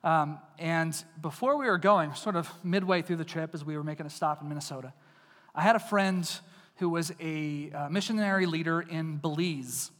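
Male preacher from East Texas, high voice, casual and jokey, big echoing hall. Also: moderate pace, fairly bright tone. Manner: casual, jokey, addresses the crowd directly. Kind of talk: conversational sermon with personal stories. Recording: long reverb of a large hall.

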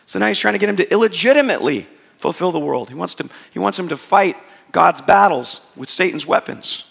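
A man preaching a sermon as a pastor, telling a story in a lively, conversational way and acting out the quotes. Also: sits high, fairly quick, creaky, slightly rough, long reverb tail.

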